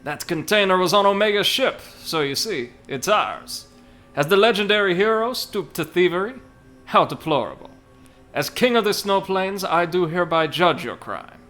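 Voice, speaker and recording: A haughty game villain king declares judgment in a higher, louder voice with a vague European accent, as a man puts him on. His delivery is grandiose and theatrical, with faint music behind him. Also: animated, normal speed, few pauses. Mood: pompous. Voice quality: put-on generic European accent. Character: pompous self-proclaimed villain king boss, male.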